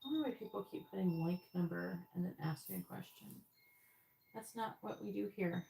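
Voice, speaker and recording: A woman's voice: on the low side, a little fast, creaky, warm tone, slight background noise. A woman giving tarot readings on a live stream, chatting directly with viewers in the chat. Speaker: tarot reader.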